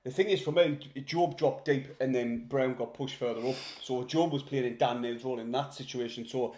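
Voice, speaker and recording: A man's voice: mid-range voice, fairly even intonation, normal speed, mellow, echoey room. A man, co-hosting a casual football chat and often checking in with his co-host. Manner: conversational, checks in with questions.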